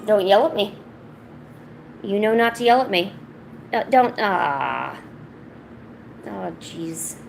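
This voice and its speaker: A woman's voice: medium pitch, animated, slow, gravelly, long pauses, noisy background. Rambling woman chatting while she paints. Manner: rambling, self-interrupting, soft baby talk to her cat. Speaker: art streamer. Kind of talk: casual chat while painting. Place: home, indoors.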